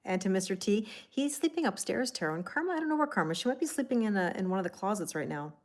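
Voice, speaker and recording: A woman's voice: medium pitch, expressive, fast talker, a little mellow. A woman hosts a casual livestream tarot reading in an ordinary mid-range voice. She rambles and chats with viewers by name. Her talk is full of "like" and restarts. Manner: heavy use of "like" and restarts. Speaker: tarot reader.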